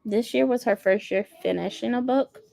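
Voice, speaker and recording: A woman's voice: a little high, normal speed, vocal fry, mellow, no echo, studio quality. A woman hosting a book channel, chatting casually and animatedly with frequent laughter. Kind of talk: casual livestream chat.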